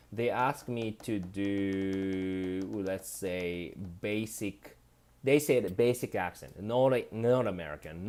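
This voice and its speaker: Reading viewers' comments aloud on a relaxed live stream, this Japanese man answers in a chatty, loose, stop-and-start way. Japanese is his native language, and his Japanese accent carries some Australian English influence. The voice is lowish and a little mellow.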